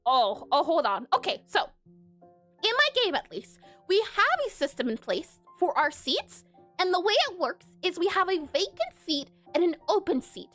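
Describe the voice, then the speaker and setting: A woman with a very high, animated voice narrates a casual coding devlog, chatty and prone to self-corrections and spelling words aloud. Her tone is bright and sharp, with faint music playing underneath. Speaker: indie game developer.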